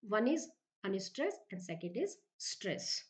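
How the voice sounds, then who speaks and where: A woman with an Indian English accent giving a slow, repetitive English literature lecture as a professor, often asking if the class is clear. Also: medium pitch, sing-song. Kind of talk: recorded lecture. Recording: dull lo-fi recording.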